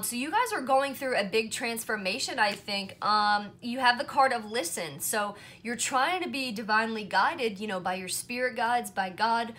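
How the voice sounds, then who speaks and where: A woman's voice: a little high, pushed and bright. A woman doing a casual pick-a-card tarot reading to camera, chatty and reassuring, often checking in with "right?" and "you know". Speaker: tarot reader.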